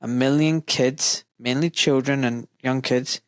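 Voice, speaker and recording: A man's voice: medium pitch, fairly even intonation, unhurried, clean tone, no echo. A man hosting a podcast interview, talking with passion and building rhetorical arguments. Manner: impassioned, rhetorical, mimics voices of others. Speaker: podcast host.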